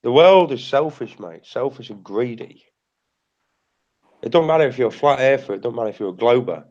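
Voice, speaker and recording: A man's voice: medium pitch, lively intonation, fairly quick, darkish tone, highs cut off. A British man hosting a livestream in casual chat, blunt and repetitive, swearing freely. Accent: British English. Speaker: livestream host.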